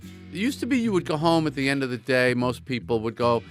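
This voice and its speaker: A man's voice: mid-range voice, sing-song, brisk, soft background music. A man in an interview making emphatic complaints. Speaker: interview guest. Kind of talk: interview talk.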